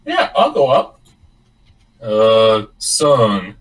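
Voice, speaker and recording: A man's voice: on the low side, huge pitch swings, drawn-out words, a little hiss or hum. A man playing in a tabletop game, speaking hesitantly with many ums and false starts. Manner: hesitant, full of ums and restarts. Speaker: player. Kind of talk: casual tabletop play.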